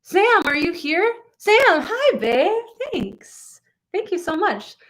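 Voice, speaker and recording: A woman's voice: extremely high pitch, sing-song, slow pace, a bit bright. A young woman vlogger telling a rambling story to her viewers with lots of asides and laughter.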